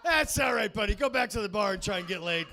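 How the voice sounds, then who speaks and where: A man working a comedy club crowd, his voice high and bright. He rambles, swears freely and pads his bits with fillers as he talks into a handheld mic. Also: animated, fast talker, gravelly, soft background music. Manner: rambling, crude, crowd-baiting, full of fillers. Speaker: stand-up comedian. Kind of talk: stand-up comedy set.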